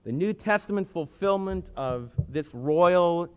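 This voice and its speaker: A man preaching a sermon with emphatic delivery, swinging between hushed and loud. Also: sits high, lively intonation, measured pace, clear, resonant tone. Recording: muffled sound with long hall reverb.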